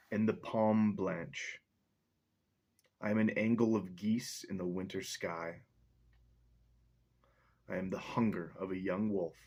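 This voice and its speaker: A man's voice: lowish voice, darkish tone. A man chatting casually on camera, joking around between reading poems aloud. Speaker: vlogger reading poetry aloud. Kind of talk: casual chat and poetry reading.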